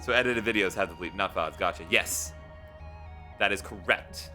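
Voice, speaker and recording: Man, gaming streamer, somewhat low but bright tone, rambling casual chat, faint music behind. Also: moderate pace. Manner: rambling, swings between loud pleading and soft mumbling.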